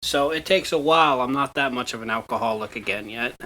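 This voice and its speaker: A man's voice: mid-range voice, fairly quick, sharp tone, a little hiss or hum. A man co-hosting a podcast, tossing in dry wisecracks during casual chat.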